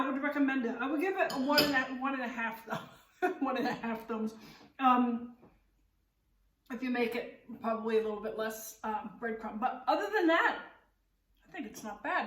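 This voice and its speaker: Woman, high voice, chatty and rambling, home cooking vlog, roomy kitchen, a little off-mic. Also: distant mic. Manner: chatty, rambling, candid self-critique. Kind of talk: casual cooking vlog chat.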